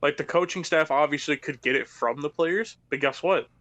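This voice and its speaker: Young dude ranting hard about sports, swearing, voice on the high side. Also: male voice, normal speed, fairly bright tone. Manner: ranting, heated, swears a lot. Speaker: co-host. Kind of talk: casual sports talk stream.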